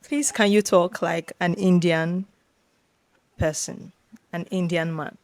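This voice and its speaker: A woman's voice: lowish voice, steady tone, slow pace, a little mellow, no room sound. A woman hosting a podcast interview, playful and teasing. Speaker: podcast host. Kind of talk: casual interview chat.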